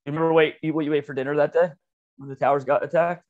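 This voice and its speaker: A man's voice: on the high side, fairly even intonation, rapid-fire. A man co-hosting a podcast, telling a rambling, profane story in casual chat and laughing often. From Philadelphia area. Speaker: podcast co-host. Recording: dull lo-fi podcast audio.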